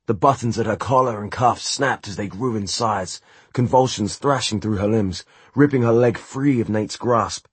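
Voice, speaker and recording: Husky low-voiced male narrator. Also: normal speed, no room sound. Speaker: audiobook narrator. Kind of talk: scripted narration.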